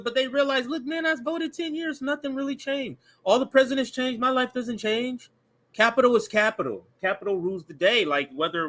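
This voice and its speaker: Co-host, male, bright and sharp tone, pushes his points hard. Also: high voice. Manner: emphatic, argumentative. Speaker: podcast co-host. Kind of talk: casual political commentary.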